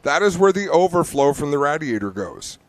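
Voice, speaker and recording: A man's voice: on the high side, sing-song, brisk, no echo. A man calling a race live at an outdoor speedway, explaining the cars in easygoing, joking banter with his co-host. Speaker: race commentator.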